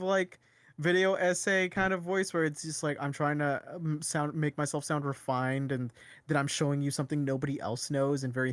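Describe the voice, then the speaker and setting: A man from Canada co-hosting a podcast, talking in a rambling, animated way with many restarts. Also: a little high, no room sound. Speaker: podcast co-host. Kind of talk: casual chat.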